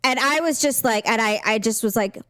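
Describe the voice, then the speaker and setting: A woman's voice: on the high side, fairly quick, no room sound. Woman cohost telling a story on a podcast, earnest, dry close sound. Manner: earnest storyteller, lively when retelling quotes. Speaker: podcast co-host. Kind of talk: casual chat.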